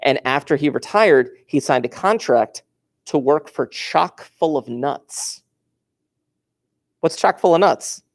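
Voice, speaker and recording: A man's voice: fairly high pitch, lively intonation, slow pace. A male teacher talks casually to his class, wandering off into stories and asking the students questions. He moves around the classroom as he talks, so his voice sometimes drifts away from the microphone. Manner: chatty, digressive, asks the class questions. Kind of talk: classroom lecture, storytelling.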